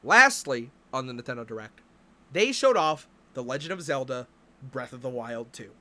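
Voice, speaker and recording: A man's voice: mid-range voice, animated, moderate pace, pushed and bright. A man streaming, ranting about video games in a profane, exasperated way.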